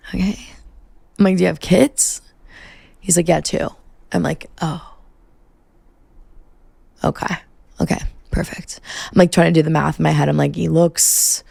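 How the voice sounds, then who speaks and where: A woman's voice: deep voice, gravelly, a little mellow, no echo. A young woman hosting a podcast, telling a personal story in a chatty, profane way full of fillers. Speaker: podcast host. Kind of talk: casual storytime monologue.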